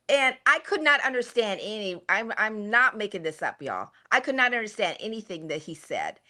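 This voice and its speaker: An older woman in her sixties spins lively family stories in an easy, conversational way. Her voice is bright and sits a little high. Her pitch swings widely as she gets into the story. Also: normal speed, few pauses. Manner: animated, laughing storyteller. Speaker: guest, the host's mother. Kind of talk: casual storytelling chat.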